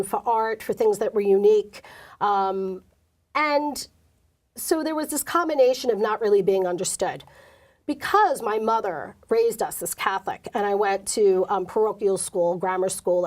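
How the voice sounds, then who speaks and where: A woman's voice: mid-range voice, darkish tone. A middle-aged woman, an interview guest, candidly telling an emotional personal story and acting out the quoted dialogue.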